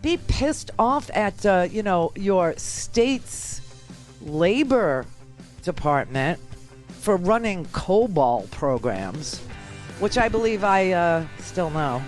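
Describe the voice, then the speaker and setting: A woman from New York hosting political talk radio, sarcastic and animated, full of rambling asides. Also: fairly low pitch, slow pace, faint music behind.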